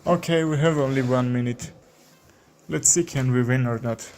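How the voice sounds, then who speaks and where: A man from Armenia with an Armenian accent, a chess streamer commenting live in halting English with many fillers. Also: mid-range voice, darkish tone, faint music behind.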